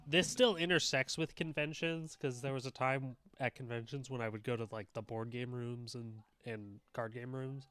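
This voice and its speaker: A man on a podcast chatting casually, explaining his habits in a relaxed way. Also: medium pitch, normal speed, few pauses, clear, resonant tone, no echo. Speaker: podcast co-host. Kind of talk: casual chat.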